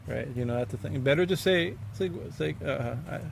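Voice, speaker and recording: A man, a swami, giving an informal religious class, speaking haltingly with many fillers, restarts and small bursts of emphasis. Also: fairly high pitch, gravelly, slight background noise.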